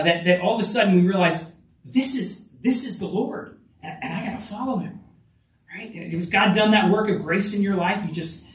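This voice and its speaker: A man preaching a sermon in an earnest, conversational way, often restarting phrases. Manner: earnest, with frequent restarts and lively rises in pitch. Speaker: pastor. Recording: echoey room, voice from a distance.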